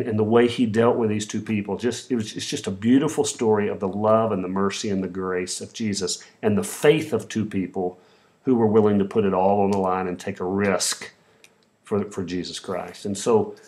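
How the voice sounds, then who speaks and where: A man's voice: lowish voice, darkish tone. A man preaching a sermon, retelling the story in his own words with voiced quotes and a few restarts. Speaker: pastor.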